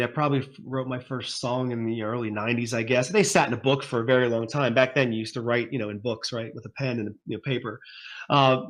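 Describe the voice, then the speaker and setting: A man's voice: medium pitch, a bit bright. A man in his forties, a guest musician telling his story in a rambling, casual interview, laughing often.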